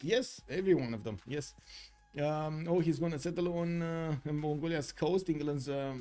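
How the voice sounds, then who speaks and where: A man's voice: fairly high pitch, darkish tone. A young man from Romania with a Romanian accent, casting a strategy game match live with a rambling, filler-heavy delivery. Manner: rambling, many filler uhs, chats with chat. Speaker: caster. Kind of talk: live esports commentary.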